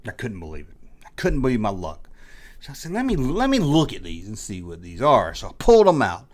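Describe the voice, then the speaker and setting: A man's voice: on the low side, huge pitch swings, a little fast. A middle-aged man telling a rambling, self-mocking confessional story in a casual vlog, as the host of his channel. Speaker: toy collecting vlogger.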